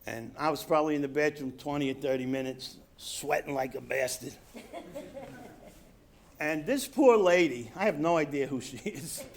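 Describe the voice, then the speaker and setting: A middle-aged man from New York telling his own recovery story at a convention, acting out quotes and dropping quiet for emphasis. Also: a little high, moderate pace, a little hiss or hum. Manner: storytelling with acted quotes, drops to quiet emphasis, laughs at himself. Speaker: recovery speaker. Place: convention hall stage.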